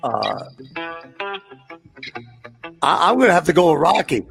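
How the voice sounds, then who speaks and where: A man chatting as a guest in a relaxed, hesitant way, using lots of fillers. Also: fairly high pitch, unhurried, gravelly, music in the background. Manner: hesitant, filler-heavy, laid-back. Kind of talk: casual chat.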